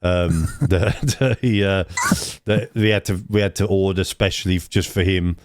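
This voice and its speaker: A man's voice: low-pitched, steady tone, moderate pace, no echo, clean studio sound. A man co-hosting a casual podcast chat, rambling with many restarts. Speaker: podcast co-host. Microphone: own mic, remote.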